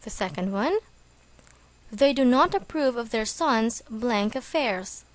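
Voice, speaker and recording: A woman reading a scripted English vocabulary lesson, slow and deliberate, spelling words out letter by letter. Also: fairly high pitch, expressive, no room sound. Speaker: English teacher.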